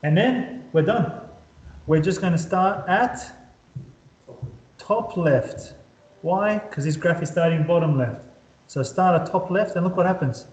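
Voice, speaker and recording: A man's voice: high-pitched, measured pace, pauses often, a little mellow, reverberant, rough recording. A man teaching a maths lesson at a whiteboard, upbeat, often checking that his students follow. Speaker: maths tutor.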